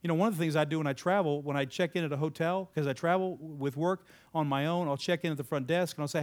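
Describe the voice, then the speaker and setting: A man's voice: on the high side, steady tone, quick pace, hardly any pauses. Emphatic man preaching to a live audience. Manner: conversational, asks the audience questions and repeats their answers. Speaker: speaker addressing a live audience. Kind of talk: interactive sermon-style talk.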